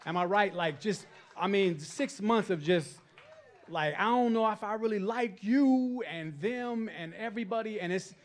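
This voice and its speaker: Male stand-up comic with a high voice, chatty and working the crowd on stage. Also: normal speed. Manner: chatty, asks the crowd for agreement. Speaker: stand-up comedian. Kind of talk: stand-up comedy set. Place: stage at a live comedy event.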